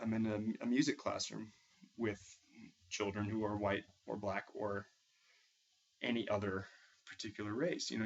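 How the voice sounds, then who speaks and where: A young man from Massachusetts with a New England accent, a music teacher thinking aloud in a hesitant, reflective way with many restarts. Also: mid-range voice. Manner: thoughtful, hesitant, with frequent restarts. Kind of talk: casual spoken reflection. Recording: dull lo-fi recording.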